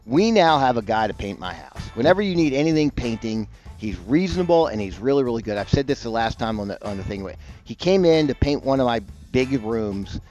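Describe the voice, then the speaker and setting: A man's voice: mid-range voice, big pitch swings, fairly quick, few pauses, darkish tone, muffled recording, soft background music. A man co-hosting a radio show, chatting casually in a wry, conversational way. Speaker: radio co-host.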